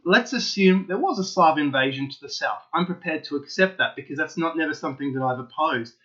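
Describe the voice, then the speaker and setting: Excitable high-voiced man, lo-fi sound. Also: brisk. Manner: excitable, insistent, keeps repeating himself. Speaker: channel host. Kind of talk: opinionated solo monologue to viewers.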